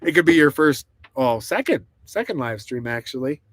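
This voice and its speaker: A talkative man chatting with viewers on a live stream. His voice sits at a middle pitch and sounds dry, with little room echo, recorded inside a small truck camper. He rambles, restarts, and laughs easily. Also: expressive, normal speed. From United States. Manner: rambling, chatty, laughs often, reads chat aloud. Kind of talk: casual live stream chat.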